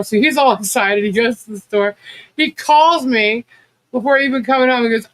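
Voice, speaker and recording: A man's voice: extremely high pitch, moderate pace, a bit bright, no echo. A man hosting a casual livestream, telling rambling stories with lots of fillers and laughter. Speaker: livestream host. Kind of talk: casual chat.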